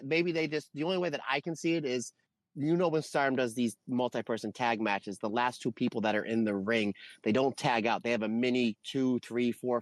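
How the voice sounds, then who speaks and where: A man co-hosting a podcast, talking through wrestling matches in a rambling, animated way. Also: mid-range voice, no room sound. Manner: rambling, animated, lists names. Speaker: podcast co-host. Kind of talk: casual wrestling review chat.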